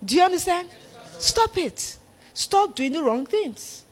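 A high-pitched woman preaches a sermon. She is animated and laughs often. She acts out the voices of the disciples as she goes. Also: unhurried.

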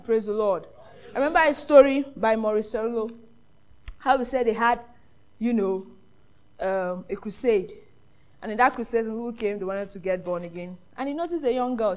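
A Nigerian woman preaching a sermon in a high voice. She tells lively stories and keeps quizzing the congregation with questions. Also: moderate pace.

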